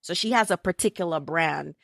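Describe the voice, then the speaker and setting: A woman's voice: low voice, fairly quick, creaky, no echo, studio quality. A woman with a Jamaican accent hosting a casual interview podcast, telling stories and slipping into patois. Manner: lively storyteller slipping into patois. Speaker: podcast host.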